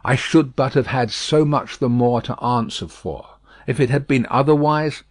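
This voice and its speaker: A man's voice: mid-range voice, moderate pace, no echo, natural voice. Carton, an urgent commanding man, read by a male narrator. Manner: urgent, insistent, stern. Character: desperate, commanding man in a prison cell. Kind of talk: audiobook reading.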